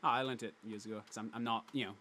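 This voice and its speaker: A man's voice: fairly low pitch, fairly even intonation, racing, bright, forceful tone. A young man doing casual, sarcastic gaming commentary and teasing his co-player. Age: young adult. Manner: sarcastic, teasing, mock-indignant.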